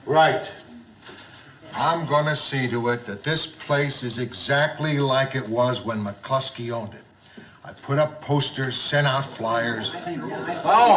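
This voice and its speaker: An actor playing a gruff middle-aged bar owner who forces himself to be hearty and jovial, repeating his greetings in a 1970s studio sitcom. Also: medium pitch, a bit bright, natural voice, low-quality recording. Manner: overly hearty, repetitive greetings. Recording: hissy old TV soundtrack.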